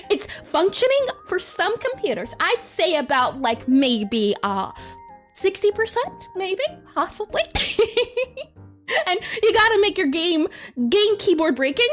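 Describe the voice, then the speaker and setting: A woman's voice: extremely high pitch, very animated, takes it slowly, soft background music. A woman streamer chatting casually on a livestream, bubbly and giggly, doubling up her greetings.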